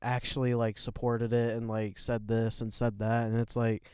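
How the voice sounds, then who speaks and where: A young man co-hosting a podcast, talking in a relaxed, rambling way with plenty of swearing and a soft, soothing voice. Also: mid-range voice, moderate pace, clean tone, no room sound, studio quality. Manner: laid-back, rambling, swears often. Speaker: podcast co-host. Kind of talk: casual chat.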